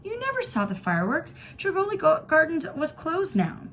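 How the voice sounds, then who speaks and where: A woman voicing a lively ten-year-old girl who talks briskly to her little sister, with a scoffing edge. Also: sits high, slight background noise, pitched above the performer's own voice, full character voice. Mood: bossy.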